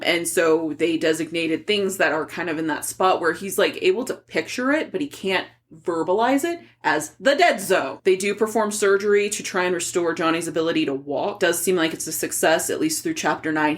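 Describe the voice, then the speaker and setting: A young woman co-hosting a casual book podcast, recapping chapters in a chatty way with plenty of "like" fillers and casual swearing. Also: low voice. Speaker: podcast co-host.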